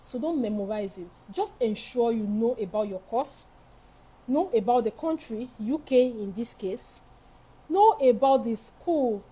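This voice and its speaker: Answering viewer questions live, a study-abroad counselor offers frank, emphatic advice and repeats her key points. Her voice is fairly high, warm, and edged with breathiness. The recording sounds rough.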